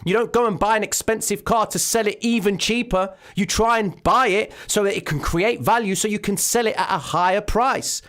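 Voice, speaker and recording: A man hosting a live trading stream from home, commenting excitedly on the market and calling his viewers ladies and gentlemen. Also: high voice, moderate pace, few pauses. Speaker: trading livestream host. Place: home room, daughter present. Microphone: desk microphone.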